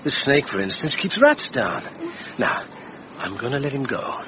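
A man's voice: medium pitch, big pitch swings, moderate pace, close to an everyday voice. A man playing a soothing animal rescuer. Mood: reassuring. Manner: soothing, patient. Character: gentle, reassuring man who rescues animals. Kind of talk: radio drama acting. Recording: dull lo-fi radio drama recording with clear background noise.

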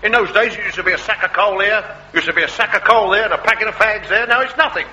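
A man's voice: high-pitched, fast, sharp tone, slight background noise, low-quality recording. A man doing a cheeky landlord. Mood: argumentative. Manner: cheeky, argumentative, calls everyone mate. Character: cocky working-class male London slum landlord, cheeky and argumentative. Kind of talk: comedy sketch acting.

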